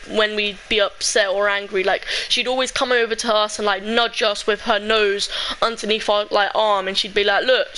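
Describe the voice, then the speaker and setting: Teen girl, high voice, rambling with fillers, faint background hiss. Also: bright, forceful tone, low-quality recording. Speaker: streamer. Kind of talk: emotional storytelling vlog.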